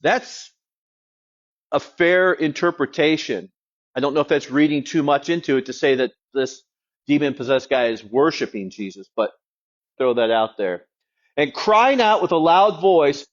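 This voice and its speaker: A man's voice: a little high, expressive, measured pace. A man preaching a sermon as a pastor, in a conversational, wry teaching tone. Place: church. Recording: dull lo-fi sound.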